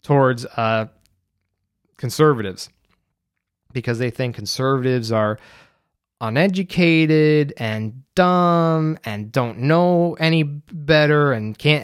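A man's voice: mid-range voice, measured pace, clean tone, no room sound, clean studio sound. A young man from the United States, hosting a podcast alone and rambling casually with lots of fillers. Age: young adult. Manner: rambling, loose and chatty with frequent fillers. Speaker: podcast host. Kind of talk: casual solo monologue.

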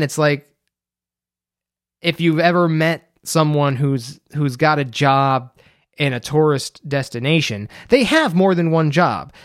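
A man's voice: a little high, dry recording, studio quality. A young man from the United States, hosting a podcast alone and rambling casually with lots of fillers. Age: young adult. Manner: rambling, loose and chatty with frequent fillers. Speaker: podcast host. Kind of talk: casual solo monologue.

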